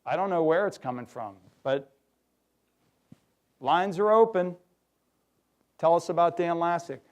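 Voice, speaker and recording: A middle-aged man giving a lively workshop talk to an audience, acting out quoted voices. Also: a little high, a little slow, long pauses, lo-fi sound. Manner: animated, acts out quoted voices. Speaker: workshop speaker. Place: hotel conference room.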